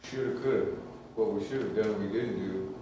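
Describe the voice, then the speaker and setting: Deep-voiced man in a church class. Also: normal speed, over music. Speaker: class member. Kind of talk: class discussion. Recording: echoey room from far off, noise.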